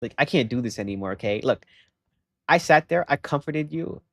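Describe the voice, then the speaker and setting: A young man livestreaming, telling a story in animated, rambling casual chat, often saying "bro" and "okay?". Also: mid-range voice, normal speed, creaky, no echo, studio quality.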